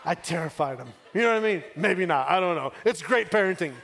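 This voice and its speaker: With a high-pitched, lively voice marked by vocal fry, this middle-aged man from West Texas preaches fairly quickly. His sermon weaves call-and-response refrains and a family story, climbing into shouts.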